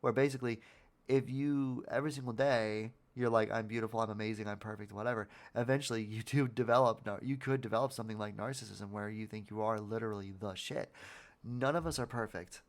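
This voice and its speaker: A podcast host speaks in a mid-range, steady voice at a fairly quick clip. His talk about motivation is casual and earnest, full of repeated words and the occasional swear.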